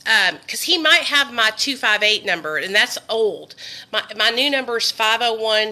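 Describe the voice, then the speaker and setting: Her voice is a little high, expressive, and sharp, at a moderate pace. She's a woman in her 30s hosting a casual livestream chat from her living room via phone, speaking candidly to viewers and swearing freely.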